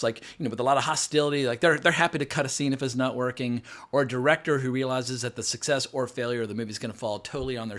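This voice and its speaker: Fast-talking frank man reviewing a film. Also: mid-range voice, fairly bright tone. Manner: rambling, frank, with frequent fillers and profanity. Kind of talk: casual spoken film review. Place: home, New York City.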